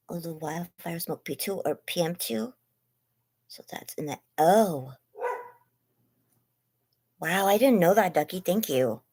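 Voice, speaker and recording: A livestream host talks casually from bed at home on her phone, calling out viewers by name with gushing hellos as she rambles. Her fairly low voice is animated, unhurried and a little mellow, with frequent pauses. It's getting worn, and she says she's losing it and her lungs hurt.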